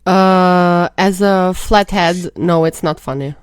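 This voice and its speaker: A woman from Albania co-hosting a podcast in casual chat, with deadpan humor and hesitant fillers. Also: on the low side, slow, clear, resonant tone, dry recording. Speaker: podcast co-host.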